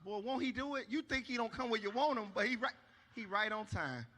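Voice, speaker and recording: Bright, high-voiced man doing stand-up. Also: brisk, big-room sound. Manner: animated, acts out shouts, asks the crowd for agreement. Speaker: stand-up comedian. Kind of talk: stand-up storytelling. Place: church stage.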